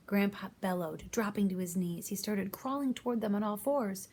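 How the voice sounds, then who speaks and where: Narrating a children's novel as an audiobook, this woman speaks at a moderate pace with few pauses, her medium-pitched voice a little mellow. She gives every character a voice of their own as she reads their lines aloud.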